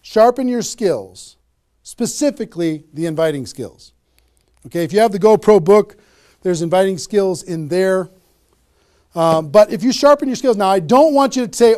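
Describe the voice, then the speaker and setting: Man, fairly high voice, motivational sales trainer, emphatic, repeats key phrases. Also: lively intonation, moderate pace, a little mellow. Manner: emphatic, repeats key phrases, frequent "okay?" check-ins. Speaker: network marketing trainer.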